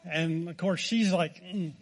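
A man's voice: high-pitched, normal speed, slight background noise. A man with an American accent preaching a sermon, telling a folksy, self-deprecating story. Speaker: pastor.

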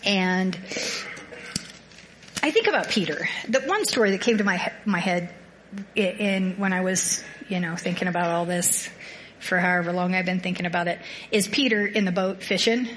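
A woman's voice: lowish voice, normal speed, a bit bright, slight background noise. A woman sharing a personal faith reflection in casual talk, rambling and self-deprecating, telling a story with animation. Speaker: small group participant sharing a reflection.

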